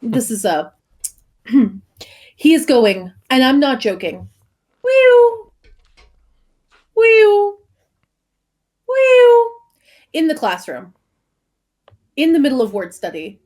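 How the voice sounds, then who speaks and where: Woman teacher cohosting, super lively up-and-down voice, talks fast when excited. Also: a little high, breathy edge. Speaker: podcast co-host, teacher. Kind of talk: casual chat.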